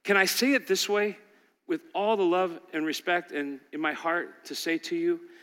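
A male pastor preaching a sermon, swinging between loud exhortation and quiet intensity. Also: sits high, steady tone, normal speed. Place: large church hall. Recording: long hall reverb.

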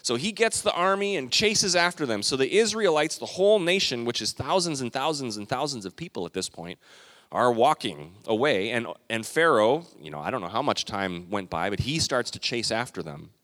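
Pastor telling a story in an echoing hall. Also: male voice, medium pitch, animated, moderate pace, a bit bright. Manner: storytelling, acts out quotes. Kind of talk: sermon. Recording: long reverb of a large hall.

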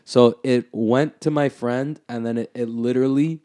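A man's voice: medium pitch, fairly even intonation, normal speed, mellow. A young man on a podcast, telling a story in casual chat, rambling and swearing a lot and saying "like" constantly. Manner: rambling, profane, full of "like".

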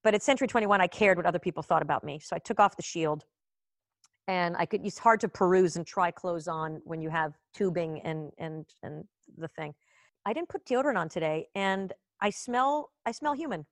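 A woman's voice: fairly low pitch, fairly quick, no echo, studio quality. A woman from Israel hosting a live online comedy show from home over a video call, rambling in a chatty, profane, self-mocking way. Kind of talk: casual rambling stand-up chat.

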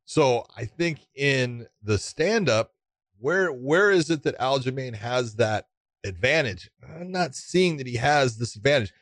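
Man, co-host, emphatic fight talk, mid-pitched, dry close mic. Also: expressive, a little slow, a bit bright, no echo. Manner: emphatic, talkative, ribbing. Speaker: podcast co-host. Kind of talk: casual fight analysis chat.

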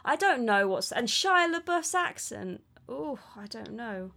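A woman co-hosting a film review podcast, talking in a chatty, animated way with many fillers. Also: on the high side, a little slow, vocal fry, a little hiss or hum. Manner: chatty and animated, frequent "like" and laughs. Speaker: podcast co-host. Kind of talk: casual film review chat.

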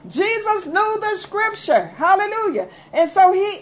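A woman pastor preaches a radio sermon in a high voice. She reads scripture in old-fashioned wording and drives her points home with repetition and fervor. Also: very animated, unhurried, hardly any pauses. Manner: fervent preaching, reads scripture in King James wording, repeats phrases.

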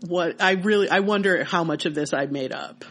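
A woman co-hosting a podcast, telling childhood memories in casual, animated chat. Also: lowish voice, normal speed. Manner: animated storytelling with laughter. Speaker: podcast co-host.

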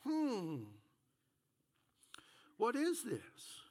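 Speaking extremely slowly and at a very high pitch, this male pastor animatedly acts out the dialogue of a story during his sermon.

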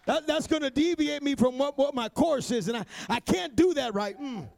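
High-pitched preacher, shouting refrains. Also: male voice, expressive, normal speed, creaky. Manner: builds to shouted, rhythmic preaching with repeated refrains; peppers lines with "amen" and "uh". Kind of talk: sermon.

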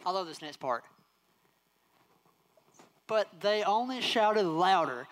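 A preacher delivers a sermon to a congregation. The delivery leans on repetition, says key phrases again and again, and slows right down on the words meant to land. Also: medium pitch, expressive. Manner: repeats key phrases for emphasis and acts out quoted voices.

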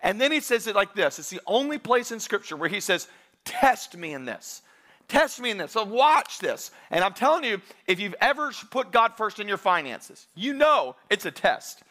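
A man's voice: sits high, big pitch swings, normal speed, few pauses, pushed and bright. A man preaching a sermon as pastor, talking conversationally to his congregation and reading scripture aloud with emphasis.

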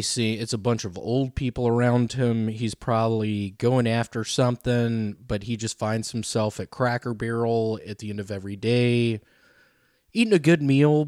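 Joking podcast guest, dry close sound. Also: male voice, medium pitch, dry recording. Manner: joking, rambling storytelling. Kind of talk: casual comedy podcast chat.

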